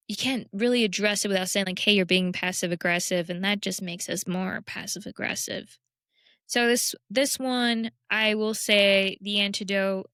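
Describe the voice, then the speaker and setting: A woman's voice: mid-range voice, a bit bright, smooth, dry recording, studio quality. A young woman hosting a casual self-help talk, candid and self-deprecating in a conversational way. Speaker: podcast host.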